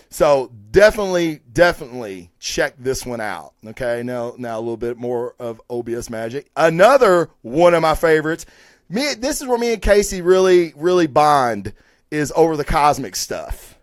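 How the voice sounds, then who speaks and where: Male stream host reviewing comics: casual, rambling, profane, slightly high-pitched voice, dry close sound. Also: no room sound.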